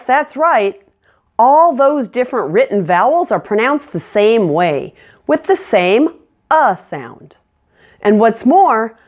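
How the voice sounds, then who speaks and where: Slow, lively-voiced woman teaching pronunciation. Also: mid-range voice. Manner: clear, deliberate modeling of words. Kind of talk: scripted pronunciation lesson.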